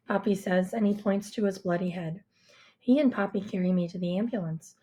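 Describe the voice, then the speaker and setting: A woman reading a first-person story in a hushed, intimate way. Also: mid-range voice, fairly quick. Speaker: audiobook reader.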